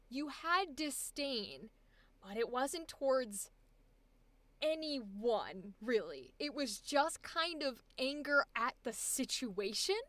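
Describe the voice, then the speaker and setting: A young woman leading a live voice acting coaching session, chatty and encouraging and quick to laugh. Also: on the high side, fairly bright tone, dry recording.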